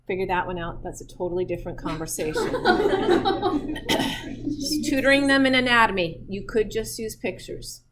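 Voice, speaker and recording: A woman's voice: on the high side, very animated, normal speed, background noise. A middle-aged woman teaching physiology in a chatty style, telling personal stories and laughing often. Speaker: physiology instructor. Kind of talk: lecture with personal anecdotes.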